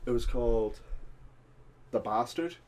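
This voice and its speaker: A man's voice: medium pitch, unhurried, a little mellow. Rambling young Irish man telling stories. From Ireland. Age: young adult. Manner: rambling anecdotal storytelling with many fillers. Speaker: podcast co-host. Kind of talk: casual chat.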